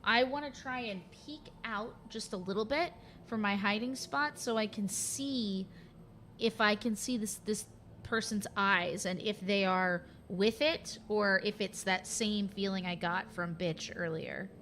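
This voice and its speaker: A woman's voice: medium pitch, a little slow, a bit bright, a little hiss or hum. A woman playing a tabletop role-playing game, chatty and giggly, describing her cat character's actions. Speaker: player. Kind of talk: casual tabletop play.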